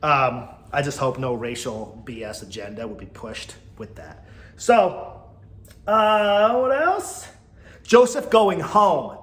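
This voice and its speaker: A man's voice: medium pitch, big pitch swings, slow pace, a bit bright, echoey room. A man hosting a podcast, giving blunt, exasperated commentary and laughing often. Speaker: podcast host. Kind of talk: casual opinion commentary.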